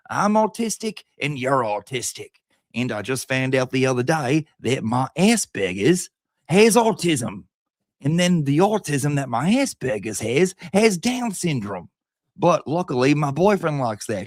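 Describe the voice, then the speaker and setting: A man mimicking a whiny, self-pitying woman in her fifties in a mocking high voice. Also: dry recording, clean studio sound.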